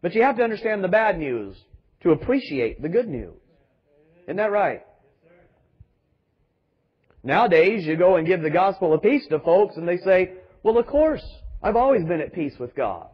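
A man's voice: high-pitched, slightly rough, highs cut off. A man pastor preaching a sermon with emphatic rhetorical questions and calls to the congregation.

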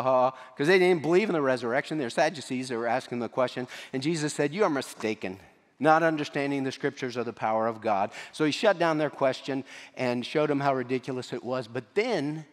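Pastor, male, fairly high voice, lively sermon delivery, reverberant church hall. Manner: animated preaching, acting out quoted voices.

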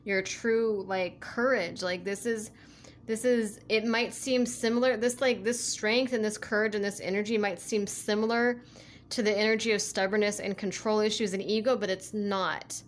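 A woman's voice: medium pitch, steady tone, moderate pace, slight background noise. A woman giving a casual spiritual tarot reading, rambling and full of "like" and "you know", laughing easily. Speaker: tarot reader.

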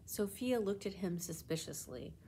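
A children's librarian reading a storybook aloud in a library children's room, in clear, steady storytelling. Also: female voice, mid-range voice, moderate pace, slight background noise. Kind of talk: children's book read-aloud.

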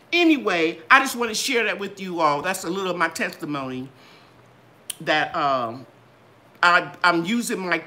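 An older woman hosting a gardening channel, chatting in a live Q and A with a lively, sing-song delivery. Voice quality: bright, trained singer's voice. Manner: animated, sing-song ups and downs in pitch. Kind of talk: live Q and A chat.

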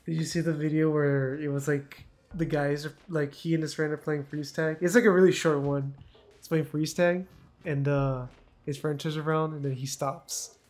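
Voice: medium pitch, normal speed. A person watching a video game and chatting casually, telling funny stories with lots of giggling. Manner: giggly, animated storyteller. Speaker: gaming co-host. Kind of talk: casual chat.

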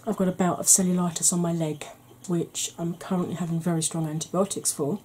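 A woman hosting a soft-spoken ASMR makeup tutorial, chatty and rambling with wry humour, tired from lack of sleep. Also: fairly low pitch, steady tone, a little fast, a little hiss or hum, low-quality recording. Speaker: beauty channel host.

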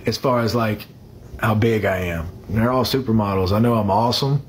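A man's voice: fairly low pitch, normal speed. Guy rambling on a phone live, lots of uhs, saying hey to viewers, bit of faint background noise. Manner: rambling, greets viewers by name, many fillers. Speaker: livestreamer. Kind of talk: casual livestream chat.

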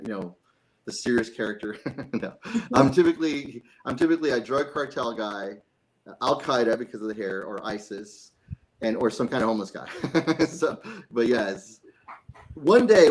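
A man's voice: medium pitch, expressive, brisk, poor audio. A man being interviewed as a guest actor, chatty and self-joking, often laughing. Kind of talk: casual interview chat.

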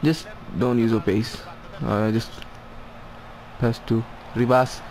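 A young man providing excited commentary over his own football video game, calling out players' names and cheering or groaning at each play. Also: mid-range voice, slow, background noise. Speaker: gaming YouTuber.

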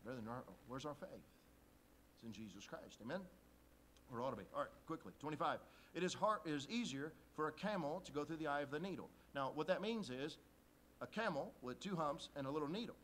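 Lively male pastor preaching. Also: a little high, brisk, slight background noise, low-quality recording. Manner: lively storytelling, acting out quoted voices; reads scripture aloud in old-style wording. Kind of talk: sermon. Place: church conference hall.

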